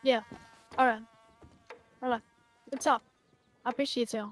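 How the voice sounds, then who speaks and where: Upbeat woman, higher voice. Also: fairly even intonation, moderate pace, a little hiss or hum. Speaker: roleplayer, leader of another group. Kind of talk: in-character roleplay chat.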